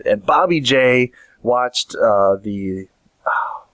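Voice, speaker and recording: A male vlogger in a rambling, jokey monologue that swings up and down in pitch. He sits close to the mic in a dry room with no echo. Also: expressive, drawn-out words, a bit bright. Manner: rambling, jokey storytelling with many restarts. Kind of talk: casual comedic monologue.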